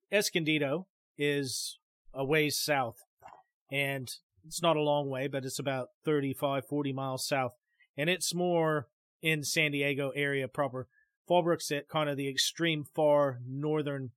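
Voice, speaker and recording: A man's voice: on the high side, a bit bright, no room sound. A man hosting a podcast, telling a story in a loose, rambling way with many restarts, and speaking straight to his listeners. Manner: addresses listeners directly. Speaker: podcast host. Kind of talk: casual storytelling.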